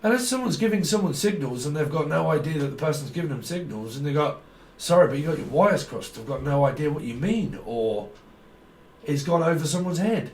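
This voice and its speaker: A man's voice: fairly high pitch, expressive, brisk. A man giving a rambling, free-associating tarot reading, swearing and laughing as he goes. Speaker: tarot reader. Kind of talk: stream-of-consciousness intuitive reading. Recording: echoey room, mic far off.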